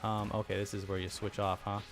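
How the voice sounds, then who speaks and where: A man's voice: fairly low pitch, monotone, brisk, music in the background. A young man casually commenting on his own gameplay, rambling and self-deprecating, with chuckling asides. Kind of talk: casual let's-play commentary.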